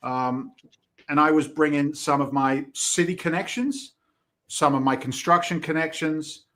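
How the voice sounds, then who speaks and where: A man's voice: a little high, steady tone, measured pace, a bit bright. A middle-aged man with a Boston accent, a podcast guest telling stories with energy, acting out the quoted lines and swearing casually. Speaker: podcast guest, real estate investor. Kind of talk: animated storytelling in conversation.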